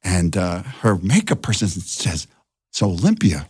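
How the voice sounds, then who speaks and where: Animated older man telling a story. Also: sits low, a little slow, slightly rough. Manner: lively storyteller acting out quoted voices. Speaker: guest director.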